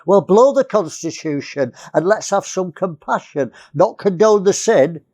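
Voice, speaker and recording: A man's voice: sits high, animated, unhurried, mellow. A man from England preaching a sermon, earnest, repeating key phrases and often restarting.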